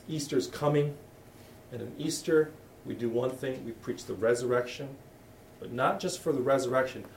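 A middle-aged man preaches as pastor in a church hall in a mid-range, darkish voice. His talk is candid and conversational, with frequent sentence restarts. The recording is echoey and distant, with slight background noise.

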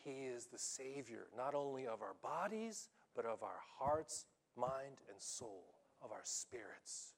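Animated pastor preaching a sermon, man. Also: medium pitch, unhurried. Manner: animated, emphatic, checks in with listeners. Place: church in Japan.

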